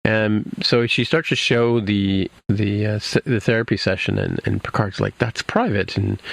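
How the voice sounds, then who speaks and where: Low gravelly man recapping an episode. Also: fairly even intonation, moderate pace, no echo. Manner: rambling, many fillers and restarts. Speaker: podcast host.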